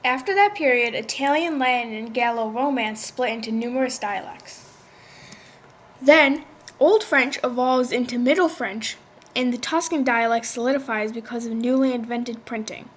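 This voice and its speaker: A woman with a fairly high voice reads out a language lesson from a script. She explains step by step in an even, instructive way. Now and then she stumbles and restarts a word. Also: normal speed. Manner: reads a prepared script, with small slips and restarts. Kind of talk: scripted educational narration.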